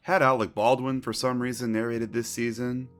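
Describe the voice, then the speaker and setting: A man's voice: medium pitch, little pitch movement, moderate pace, soft background music. A man narrating a scripted retrospective commentary, opinionated and wry.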